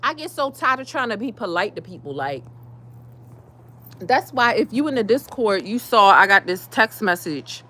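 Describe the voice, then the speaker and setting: A woman ranting in a casual vlog, heated and profane, dropping to low mutters and rising to loud outbursts. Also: big pitch swings, moderate pace. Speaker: vlogger.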